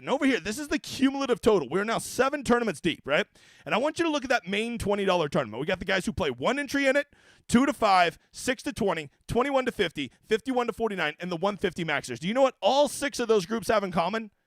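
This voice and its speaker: Guy ranting on his golf stream, cussing a lot, high raspy voice, dry sound. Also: big pitch swings, fairly bright tone, dry recording. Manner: profane, brash, rapid-fire ranting. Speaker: daily fantasy golf streamer. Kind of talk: casual livestream talk.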